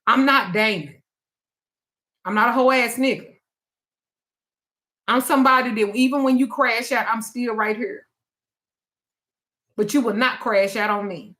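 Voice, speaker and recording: A woman quoting her husband as a calm, firm man who speaks in a slow, stern and measured way. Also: a little high.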